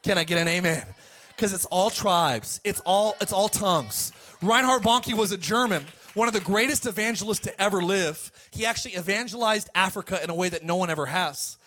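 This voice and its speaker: A high-voiced preacher speaks briskly to the congregation, alternating loud calls with quiet asides. He keeps asking for amens.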